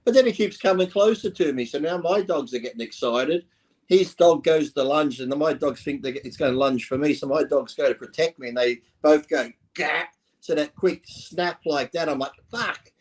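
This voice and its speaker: A man's voice: a little high, brisk, darkish tone. A man in his fifties chatting on a show, telling a story with lots of swearing and laughter. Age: 50s. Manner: profane storyteller, laughs often. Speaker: co-host. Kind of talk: casual chat.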